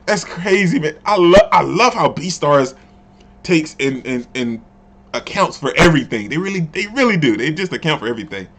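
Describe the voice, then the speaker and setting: A man doing a casual comic readthrough, excitable and chatty, who repeats his words and often says "man". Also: a little high, moderate pace, a little hiss or hum. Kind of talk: casual reading with commentary.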